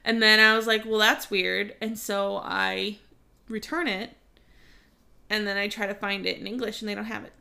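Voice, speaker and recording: Gravelly bright-voiced woman chatting about books. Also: mid-range voice, moderate pace. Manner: animated, swears freely, trails off mid-sentence. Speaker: podcast co-host. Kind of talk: casual book chat.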